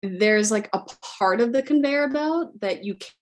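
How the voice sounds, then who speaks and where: A woman hosting a podcast, telling a funny story in a casual, animated way and often laughing as she talks. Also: fairly high pitch, moderate pace. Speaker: podcast host.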